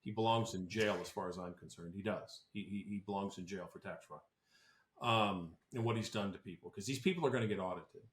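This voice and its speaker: A man's voice: deep voice, brisk. A man who advises on tax planning talks on a podcast in a casual, blunt and opinionated way, often restarting his sentences. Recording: roomy echo.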